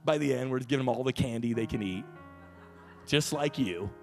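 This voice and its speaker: A man's voice: mid-range voice, brisk, creaky, faint music behind. A pastor in his thirties preaching a sermon, telling family stories with a voice that carries and acting out quotes. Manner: storytelling with laughs, animated quotes. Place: church sanctuary.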